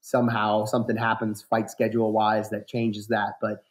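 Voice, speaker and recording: A man's voice: on the low side, normal speed. Easygoing man rambling with fillers. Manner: relaxed, rambling, many fillers and restarts. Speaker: guest fighter. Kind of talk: casual podcast interview.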